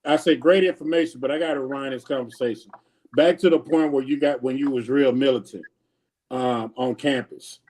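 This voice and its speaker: Halting co-host asking questions. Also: male voice, mid-range voice, a little mellow. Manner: halting, repeats himself while asking. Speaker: podcast co-host, coach. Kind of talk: casual interview chat.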